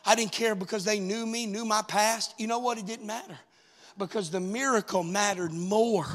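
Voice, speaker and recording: A man's voice: high voice, steady tone, moderate pace, a bit bright. A man preaching a Pentecostal altar-call sermon in a church, fervent and building to urgent exhortation. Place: church sanctuary.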